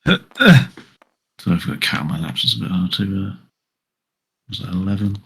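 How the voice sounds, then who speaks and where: Low husky player. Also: male voice, big pitch swings, normal speed, a bit bright. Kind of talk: tabletop game chat.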